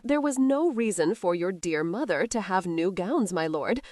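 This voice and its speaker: A woman's voice: medium pitch, animated, normal speed, a little mellow, no echo, studio quality, lightly acted. A woman voicing a cowardly, fawning knight who keeps making excuses. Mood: evasive. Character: evasive cowardly middle-aged male steward knight.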